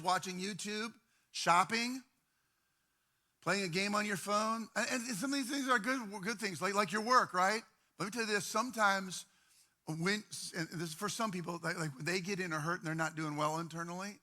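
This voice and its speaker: A man, a pastor, preaching a sermon in a conversational style, often repeating phrases and dropping to quiet, intimate tones. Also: high voice, normal speed. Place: church.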